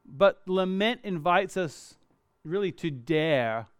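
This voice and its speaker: A man preaching a sermon earnestly, moving between lively emphasis and quiet, reflective passages. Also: sits high, slow pace, clear, resonant tone, no room sound, studio quality.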